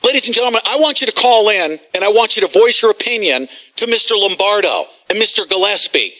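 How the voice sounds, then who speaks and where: A man hosting a talk radio show, ranting agitatedly, shouting and swearing at callers and officials. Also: sits high, lively intonation, fast. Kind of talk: heated talk radio rant.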